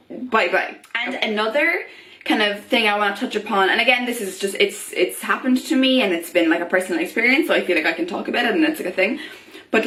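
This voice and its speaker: A woman's voice: medium pitch, fairly bright tone. Chatty young woman in an echoey room. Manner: chatty, many fillers, acts out quoted voices. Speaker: vlogger. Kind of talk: casual talk to camera.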